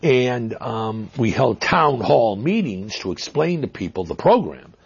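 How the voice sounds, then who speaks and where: Husky Boston-accented man, lively pitch. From Massachusetts. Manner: halting, many fillers and restarts, emphatic stresses. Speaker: interview guest. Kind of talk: reflective interview answers. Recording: dull lo-fi audio.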